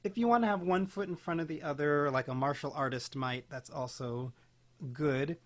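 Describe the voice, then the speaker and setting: High-voiced encouraging male singing teacher. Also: moderate pace. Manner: encouraging, playful, demonstrates sung vocal exercises. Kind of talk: online group voice class. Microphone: home video call mic. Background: keyboard accompaniment.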